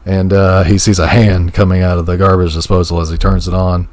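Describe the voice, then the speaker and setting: A man's voice: low-pitched, level tone, fairly quick, a little mellow, no room sound. A young man co-hosting a podcast in casual chat, joking crudely and acting out quotes. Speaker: podcast co-host.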